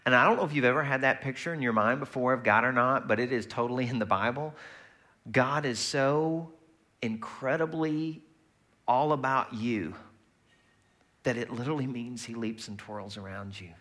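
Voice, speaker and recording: A man preaching a sermon in a conversational, lively way, often slipping into quoted voices. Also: mid-range voice, moderate pace. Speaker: pastor.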